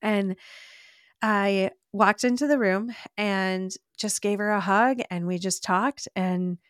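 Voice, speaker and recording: A woman's voice: mid-range voice, fairly even intonation, takes it slowly, no room sound, clean studio sound. A woman telling her personal faith testimony about adopting her baby as a podcast guest, speaking in a heartfelt, emotional way and laughing often as she tells the story. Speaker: adoptive mother.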